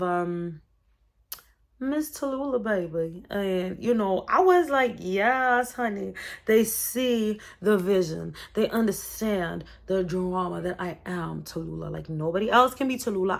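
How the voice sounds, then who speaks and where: A young woman vlogging with a low, gravelly voice full of vocal fry. She chats expressively and gives faith-based encouragement. She speaks directly to her viewers in a casual motivational talk.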